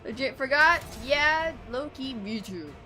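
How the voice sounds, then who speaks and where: A young woman streaming games live, chatting casually, excitable and swearing freely, often bursting into shouts. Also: sits high, a little slow, soft background music. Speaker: VTuber streamer.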